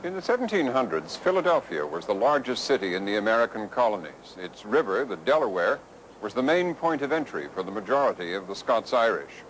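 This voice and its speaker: A man giving scripted narration for a documentary in a measured, expressive way. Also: on the low side, rough recording. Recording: archival 1980s documentary with noise.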